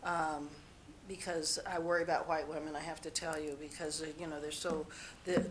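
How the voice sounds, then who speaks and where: A woman's voice: deep voice, little pitch movement, normal speed, a little hiss or hum. A woman being interviewed, telling personal stories in a rambling, candid way and often restarting her sentences. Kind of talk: personal storytelling.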